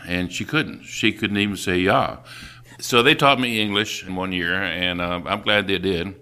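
Low-voiced older radio host. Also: male voice, moderate pace, bright, forceful tone, smooth. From Texas, USA. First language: German. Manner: folksy, plain-spoken. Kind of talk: relaxed interview chat.

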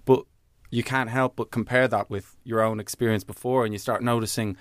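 Chatty young comedian, dry close sound. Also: male voice, medium pitch, steady tone, a little fast, hardly any pauses, dry recording. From Ireland. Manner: chatty, laughs often, acts out quotes. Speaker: comedian guest. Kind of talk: casual interview chat.

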